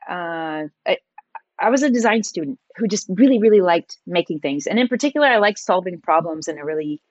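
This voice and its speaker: A woman guest on a podcast, telling a personal story in an animated, conversational way. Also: medium pitch, no echo, dull audio.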